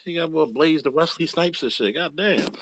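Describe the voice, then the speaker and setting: A man in casual chat, telling animated, profane stories and imitating his relatives. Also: fairly high pitch, moderate pace, muffled recording.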